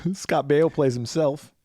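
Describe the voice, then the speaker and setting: A man's voice: on the high side, slow, mellow, dry recording, clean studio sound. A man co-hosting a casual horror podcast, joking and laughing often as he runs through a film's cast list. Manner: joking, reads cast lists with asides. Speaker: podcast co-host. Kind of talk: casual chat.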